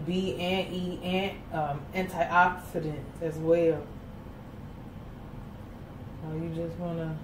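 A woman's voice: fairly low pitch, a little mellow, a little hiss or hum. A woman chatting casually to viewers as she cooks in her home kitchen. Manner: chatty, folksy, talks to viewers as y'all. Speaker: home cook host. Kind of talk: casual cooking chat. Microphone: camera set off to the side. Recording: roomy kitchen audio from a distance.

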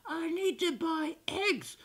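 A man voicing a dim, polite zombie toy during a toy play-scene, in a high, slow mumble. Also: animated, a bit bright, full character voice. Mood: dazed.

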